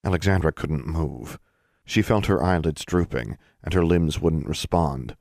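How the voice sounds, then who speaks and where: Deep-voiced male audiobook narrator. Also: measured pace, creaky, darkish tone, dry recording, clean studio sound.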